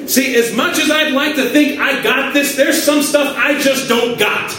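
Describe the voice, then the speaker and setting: Animated man preaching in an echoey hall. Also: very high voice, normal speed, recorded from a distance, background noise. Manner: animated storytelling, acting out his own prayers. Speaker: pastor. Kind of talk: sermon.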